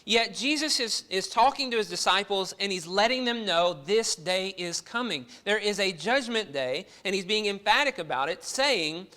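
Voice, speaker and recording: Bright-voiced man preaching a sermon. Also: high voice, lively intonation, moderate pace. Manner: earnest, uses rhetorical questions.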